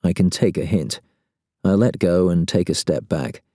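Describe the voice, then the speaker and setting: A man's voice: sits low, normal speed, dark tone, no room sound, studio quality. A man narrating a first-person novel in a wry, sardonic manner as an audiobook reader.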